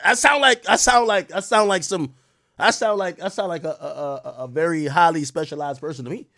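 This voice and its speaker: A man giving sarcastic live-stream commentary, mocking as he goes, jumping between loud outbursts and muttered asides. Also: fairly high pitch, fairly quick, no room sound, clean studio sound.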